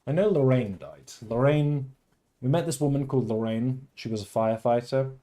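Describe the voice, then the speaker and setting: A man's voice: medium pitch, normal speed. Theatrical man streaming a game. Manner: theatrical, swings between loud outbursts and mock-tender murmurs. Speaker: livestream host. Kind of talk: casual game livestream commentary. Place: at home.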